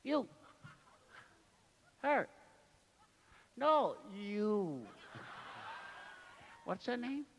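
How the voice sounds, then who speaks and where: A man's voice: sits high, very animated, drawn-out words, long pauses, in a large hall, highs cut off, slight background noise. A man doing a comic bit, teasing in singsong broken English. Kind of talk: comic bit with playful banter.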